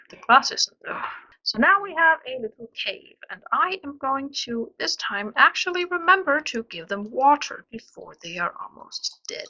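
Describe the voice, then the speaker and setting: Playing a zoo-building game on stream, this woman keeps up casual commentary, addressing the animals, adding playful sound effects and half-whispering asides under her breath. Her voice is a little high and sharp, and the audio sounds dull.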